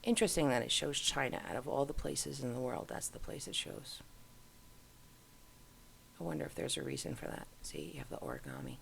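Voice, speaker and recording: A middle-aged woman hosts casual commentary while browsing on screen, musing aloud as she goes. Her rumbling low voice is gravelly, fairly quick and full of big pitch swings, with slight background noise.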